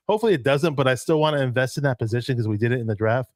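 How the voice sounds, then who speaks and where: A man's voice: mid-range voice, fast, few pauses, no room sound, studio quality. A man hosting a casual live sports chat, talking loosely, laughing often and reading out viewer comments. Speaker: host.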